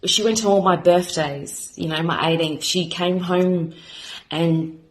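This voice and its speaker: A woman in her thirties with an Australian accent, giving a rambling, heartfelt self-introduction as a new beauty vlogger, halting and full of fillers, close to tears. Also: lowish voice, steady tone, poor audio.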